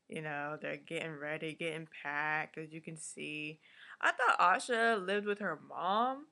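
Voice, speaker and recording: A woman with a voice deep for a woman, recapping a TV episode in a blunt, profane, chatty vlog style. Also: bright, forceful tone, clean tone. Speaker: vlogger.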